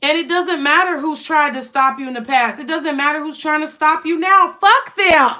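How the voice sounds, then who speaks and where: High-pitched woman doing a tarot reading, blunt, swears a lot, super emphatic. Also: steady tone, brisk, pushed and bright. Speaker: tarot reader.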